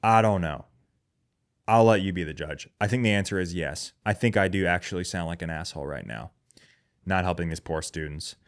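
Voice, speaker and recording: A man's voice: deep voice, brisk. A man hosting a podcast in a casual comedic monologue, profane, sarcastic and self-deprecating. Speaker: podcast host.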